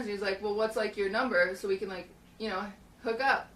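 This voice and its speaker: A woman's voice: mid-range voice, fairly quick, a bit bright. A young woman streamer casually retelling a story in a rambling way, with lots of fillers, in a small hot shed. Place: small hot shed used as a podcast studio. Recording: roomy, distant mic.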